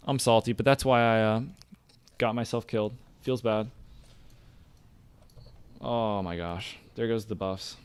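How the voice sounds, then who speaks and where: A young man streaming a game, talking through his play with excitable, ranting frustration. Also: mid-range voice, smooth. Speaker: gaming streamer. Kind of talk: live gameplay commentary.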